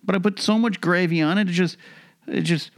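A man's voice: sits high, a little fast, clear, resonant tone. Man giving mock-serious comedic advice. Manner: mock-serious, animated, rhetorical asides. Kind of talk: casual comedic monologue.

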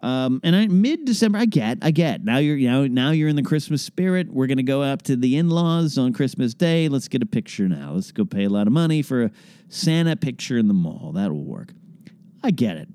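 A man's voice: medium pitch, expressive, moderate pace, dark tone, no echo, clean studio sound. A man hosting a podcast, chatting casually through listener questions in a rambling, wry way that often breaks off and restarts. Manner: rambling, self-interrupting and wry. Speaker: podcast host.

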